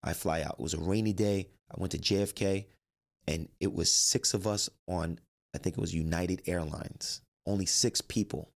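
Deep gravelly man telling a story. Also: moderate pace. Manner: animated, quotes himself and others in dialogue. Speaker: life coach and trainer. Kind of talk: personal storytelling.

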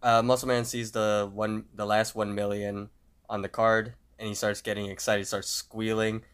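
Man, lowish voice, podcast co-host, casual recap, animated retelling. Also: moderate pace, clean tone. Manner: retells scenes, acting out quotes loudly.

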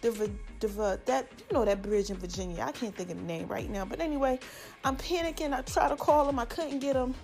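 A woman, giving heartfelt, slangy shout-outs to family and friends in a casual vlog. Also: on the high side, brisk, faint music behind. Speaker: vlogger.

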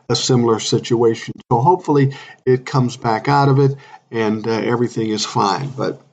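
A man's voice: mid-range voice, darkish tone, breathy edge. Blunt profane man in his sixties. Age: 60s. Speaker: podcast host. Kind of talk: solo podcast rant.

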